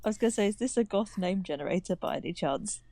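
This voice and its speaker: A woman's voice: mid-range voice, animated, quick pace, dark tone, no echo. A woman chatting casually as a guest artist while drawing, giggly and playful.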